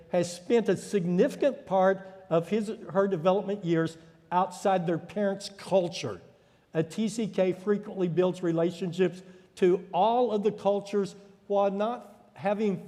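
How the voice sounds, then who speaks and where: High-voiced man preaching in an echoey hall. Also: darkish tone. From United States. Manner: storytelling, acts out quoted voices. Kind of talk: sermon. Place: church hall.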